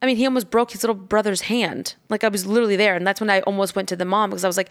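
Chatty, animated woman telling a story. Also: medium pitch, racing, hardly any pauses. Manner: animated, swears freely, acts out quoted lines. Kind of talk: casual storytelling chat.

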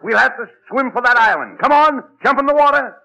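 A man playing the straight man in 1940s radio comedy, brisk, bossy and impatient. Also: extremely high pitch, animated, creaky. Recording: noisy old radio recording.

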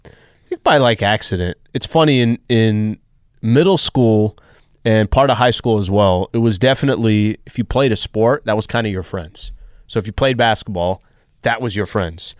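A man's voice: on the low side, normal speed, no room sound, clean studio sound. A man hosting a casual sports radio show, posing hypotheticals and joking about himself. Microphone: studio microphone with headphones.

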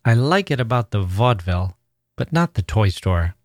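A man voicing a bright, polite little girl with an eager, chattering way of talking. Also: lowish voice, very animated, moderate pace, no room sound, clean studio sound. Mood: earnest.

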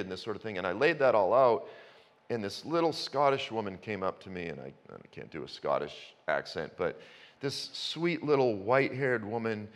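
A man's voice: fairly low pitch, sing-song, normal speed. A man preaching a sermon, conversational at first and building to passionate emphasis. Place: church. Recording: long reverb in a church hall.

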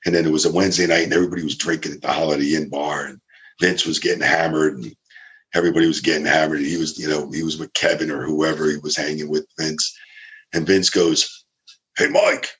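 A man casually telling a backstage story, animated and acting out the people he quotes. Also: fast talker. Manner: animated, acts out quotes with big pitch jumps. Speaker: former ring crew member telling stories.

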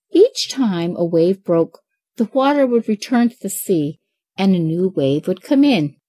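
40s mom host reading parenting tips, bouncy upbeat delivery, super dry close sound. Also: female voice, medium pitch, warm tone, dry recording. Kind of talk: scripted advice reading.

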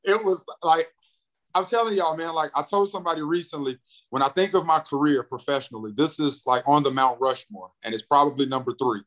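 A man's voice: fairly high pitch, fast. A young man from North Carolina telling a story as a podcast guest, acting out the voices in it and often repeating words. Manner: animated, acts out quoted voices, repeats words. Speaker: guest, radio and TV personality. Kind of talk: excited storytelling in a podcast chat.

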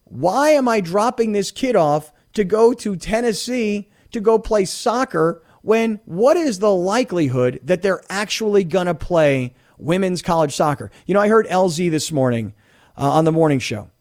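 Middle-aged male sports radio host, high-pitched, animated and rambling, does quick impressions of the people he quotes. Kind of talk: sports talk radio monologue. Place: radio studio.

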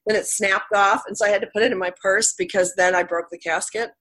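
A woman's voice: medium pitch, fairly even intonation, fast talker, a bit bright. A woman hosting a coaching talk show, telling personal stories candidly with lots of "you know" fillers. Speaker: podcast host and coach. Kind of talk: conversational interview.

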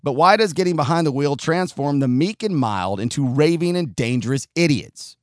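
A man ranting bluntly and profanely, his pitch climbing and dropping all the time. He sometimes acts out shouting drivers. The sound is dry and close, with no room around it. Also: expressive, normal speed, no room sound. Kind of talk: opinionated monologue.

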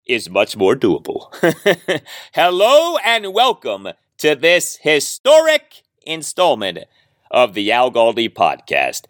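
A man's voice: a bit bright, dry recording, clean studio sound. Emphatic man hosting a sports podcast. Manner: emphatic, sarcastic swings into high pitch. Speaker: podcast host. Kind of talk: solo sports podcast monologue.

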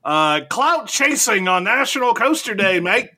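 A man co-hosts a loose, jokey podcast and reads the news between fits of laughter. His voice is bright and ringing and swings widely in pitch. His voice sits a bit high for a man. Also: sing-song, unhurried. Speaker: podcast co-host reading the news. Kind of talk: casual chat.

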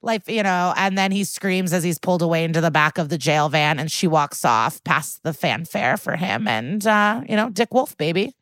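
A woman's voice: on the low side, moderate pace, few pauses, a bit bright, dry recording. A woman co-hosting a podcast, animatedly retelling a TV episode and acting out the quotes in a casual chat. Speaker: podcast co-host.

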